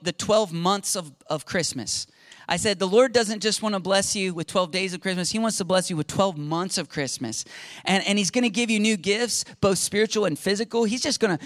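A middle-aged male pastor telling a story in a conversational, animated sermon, often repeating his words. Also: high voice, dry recording.

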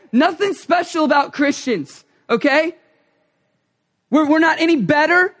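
A male preacher giving a passionate sermon, emphatic and swinging from hushed asides to loud calls, often acting out short prayers and quoted lines. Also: extremely high pitch.

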